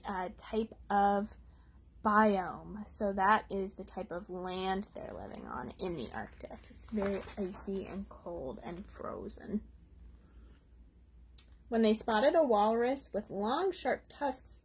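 A woman reading a children's picture book aloud at storytime, gently pausing to explain words for young listeners. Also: mid-range voice, lively intonation, slight background noise. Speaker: storytime reader.

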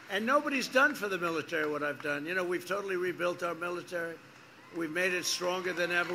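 A man's voice: sits high, noisy background. An older man, a politician speaking at an outdoor airport campaign rally, in a rambling, repetitive, off-the-cuff style full of mocking asides and boasts. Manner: mocking and boastful, acting out quoted exchanges.

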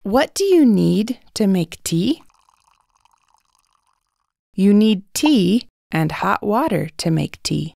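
A woman calmly names pictures for beginner learners, slowly and clearly, repeating each key word. The recording is dry and close, with no room sound. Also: medium pitch, no room sound. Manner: clear, repeats single words. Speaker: English teacher. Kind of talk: slow picture-description narration.

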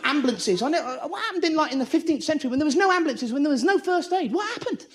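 A man's voice: very high-pitched, animated, racing, heavy background noise. A man doing stand-up in a theatre, manic and profane, acting out little scenes as he goes. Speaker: stand-up comedian. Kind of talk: stand-up comedy routine. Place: theatre stage.

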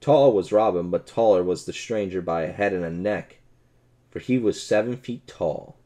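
A man narrating an old adventure audiobook with expressive storytelling. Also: low-pitched, moderate pace.

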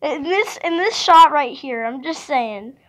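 A woman's voice: high voice, expressive, a little slow. A young woman reacting to a cartoon in casual, giggly, chatty commentary. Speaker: reaction video host.

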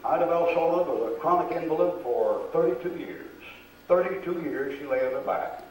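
A man's voice: a little high, normal speed, darkish tone, recorded from a distance, a little hiss or hum. An older man preaching a sermon, telling folksy stories and acting out the voices of the people in them. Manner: folksy storytelling, acts out quoted voices. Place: church. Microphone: far camera. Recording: roomy echo, recorded from afar.

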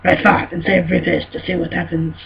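A man giving excitable let's play commentary, scolding himself and shouting exclamations as he plays. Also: high-pitched, brisk, creaky. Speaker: gamer. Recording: dull lo-fi recording with faint noise.

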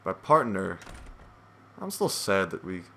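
A man's voice: deep voice, sing-song, measured pace, a bit bright, slight background noise. A man giving casual gameplay commentary, rambling, swearing and self-deprecating, sounding tired and yawning.

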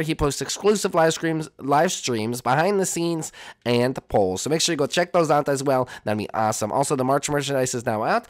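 A man's voice: a little high, no echo, studio quality. A young man hosting a YouTube roleplay, upbeat and hyped. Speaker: host.

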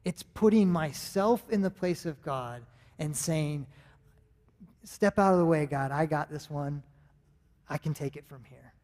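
A pastor in his thirties with an American accent preaches a sermon in a church sanctuary, earnest and conversational, often restarting his sentences. His voice is on the high side, a little slow and a little mellow. The church hall gives the recording a long reverb.

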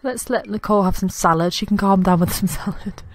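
With a brisk pace and a mid-range voice, a young woman gaming YouTuber casually comments on her life-sim game, giggling and talking to her characters in a Let's Play. There's no echo from her desktop USB mic, and faint game music plays in the background.

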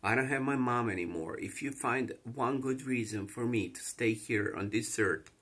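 Distressed, husky Croatian-accented man. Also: mid-range voice, normal speed, fairly bright tone. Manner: rambling, repeating himself. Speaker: vlogger. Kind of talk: emotional confessional monologue.

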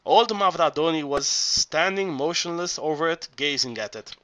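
A man narrating an audiobook in a halting reading voice, often stumbling and restarting words. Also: a little high, bright, forceful tone, dry recording.

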